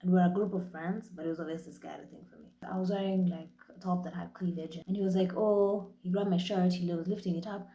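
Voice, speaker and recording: A woman in her twenties with a Kenyan accent, hosting her own podcast in a blunt, profane, animated storytelling style. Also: lowish voice, fast, few pauses, roomy sound. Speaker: podcast host. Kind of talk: casual monologue.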